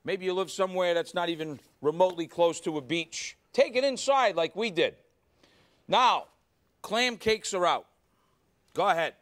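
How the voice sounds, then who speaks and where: A man's voice: sits high, moderate pace, a bit bright. A man hosting a live cooking show in a studio kitchen, exuberant and talking straight to the audience. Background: faint studio audience.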